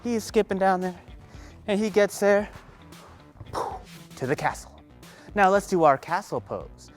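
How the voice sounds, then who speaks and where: A woman's voice: medium pitch, expressive, a little slow, faint music behind. A woman telling a children's story and leading the listeners through movements in an encouraging way. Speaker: kids' movement instructor.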